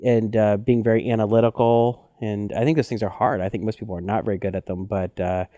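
A man co-hosting a podcast in casual chat, telling stories with lively acted-out quotes. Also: on the low side, a little fast, no echo, studio quality. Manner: animated storyteller who acts out quotes. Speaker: podcast co-host.

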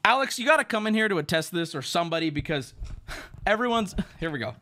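Man, streamer, high bright voice, very lively pitch, excitable storytelling. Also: fast talker. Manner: excitable, shouts at the big moments, drops into gruff voices for others.

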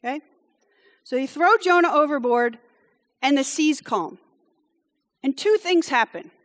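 Woman, from France, high voice, preacher, conversational sermon, chatty with wry asides, long hall reverb. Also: animated, a little slow, a bit bright. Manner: chatty, with frequent "okay?" check-ins and wry asides.

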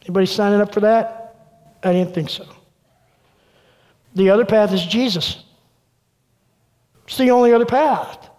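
A man pastor preaching a sermon with earnest delivery, going quiet and soft when quoting. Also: high-pitched, normal speed, pauses often. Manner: earnest preaching, dropping soft for quoted words. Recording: long reverb of a large room.

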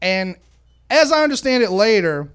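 A man's voice: high-pitched, big pitch swings, normal speed, a bit bright, clear, resonant tone. A middle-aged man telling a rambling, profane story on a live podcast in a sports bar, often correcting himself. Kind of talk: casual storytelling in front of a live audience.

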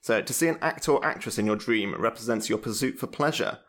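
A man's voice: mid-range voice, quick pace. A man hosting a podcast, asking hesitant questions and humming along as his guest talks. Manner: hesitant questioning with frequent backchannel hums. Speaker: podcast host. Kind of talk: casual interview chat.

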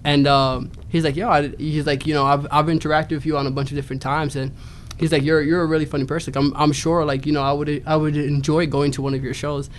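A man from the Bronx, a new stand-up comic guesting on a podcast, telling a story haltingly with many restarts. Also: on the high side, level tone, a little hiss or hum. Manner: halting, full of fillers and restarts. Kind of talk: casual podcast chat.

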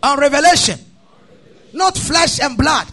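A man preaching a sermon, chanting his lines in a sing-song cadence, calling the congregation to repeat after him, then dropping into a quieter teaching tone. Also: very high-pitched, lively intonation, a little slow. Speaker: pastor.

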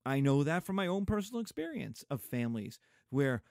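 A middle-aged man lecturing on history in an animated way, slipping into mocking asides. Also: on the high side, fairly quick, creaky, no echo, studio quality.

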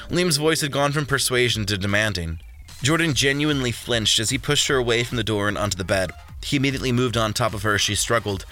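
A man narrating a storybook in a steady, even reading. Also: lowish voice, fast talker, soft background music. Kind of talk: audiobook narration.

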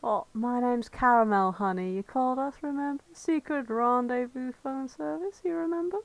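A woman's voice: high-pitched, moderate pace, no echo. A woman voicing a sweet-talking call girl on a phone line who coaxes and soothes with pet names. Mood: coaxing.

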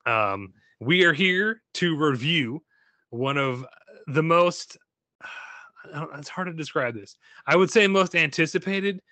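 A male podcast host chatting loosely and joking his way through tangents, with casual swearing. His tone is bright and forceful, and the voice sits close to the mic in a dry room. The mood is loose and conversational. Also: on the high side, lively intonation, slow pace, dry recording.

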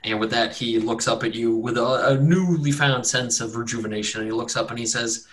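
A man's voice: medium pitch, brisk, hardly any pauses, a bit bright. A man narrating as game master in an easygoing, rambling way, with frequent fillers.

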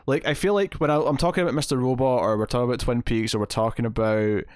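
A man's voice: mid-range voice, steady tone, fast, a little mellow, clear, resonant tone, no echo, clean studio sound. Enthusiastic rambling male podcast host. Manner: enthusiastic, rambling, many restarts. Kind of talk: casual TV recap chat.

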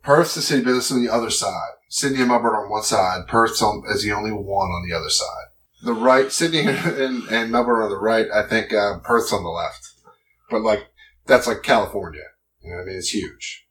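A man's voice: fairly low pitch, brisk, a bit bright, distant mic, a little hiss or hum, rough recording. A man co-hosting a podcast in casual chat, rambling and often trailing off mid-thought. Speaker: podcast co-host.

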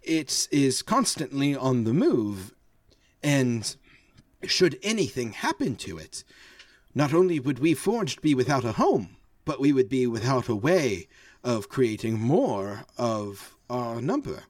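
A man speaks in character at a tabletop game, formal and measured, with a pitch that moves a good deal. He is recorded dry and close. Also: sing-song, no echo. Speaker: player.

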